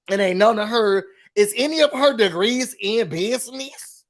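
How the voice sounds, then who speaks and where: A man hosting a casual reality TV recap, chatting in an animated, gossipy way and mimicking cast members. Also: sits high, moderate pace. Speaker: recap show host.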